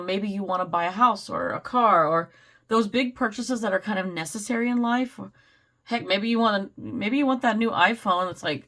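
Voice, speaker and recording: A woman giving a casual, rambling tarot reading, slightly hoarse, clearing her throat and laughing often. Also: medium pitch, fairly bright tone. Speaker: tarot reader.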